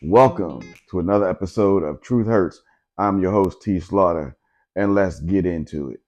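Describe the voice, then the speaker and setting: A man's voice: sits low, moderate pace, a little mellow, soft background music. A man hosting his own podcast, giving emphatic, conversational commentary and often asking "you know what I'm saying?". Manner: emphatic, repetitive, conversational with frequent filler asides. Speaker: podcast host. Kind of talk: opinionated solo podcast commentary.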